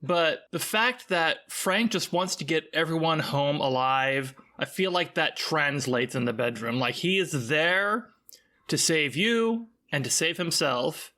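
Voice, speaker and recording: A woman's voice: deep voice, lively intonation, unhurried, a bit bright. A woman guest on a podcast in casual chat, enthusiastic and bawdy, joking freely.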